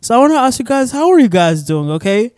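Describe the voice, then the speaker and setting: A man's voice: very high voice, very animated, fast talker, a little mellow, no room sound. A young man from Arizona hosting a casual solo podcast, rambling with lots of fillers and cursing, recorded in a shared studio office. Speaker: podcast host.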